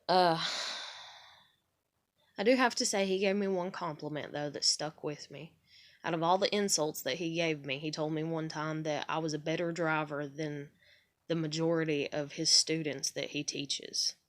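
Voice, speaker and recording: Woman, 30s, low-pitched, candid rambling storyteller with casual cursing. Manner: candid, swears casually, acts out quotes. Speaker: vlogger.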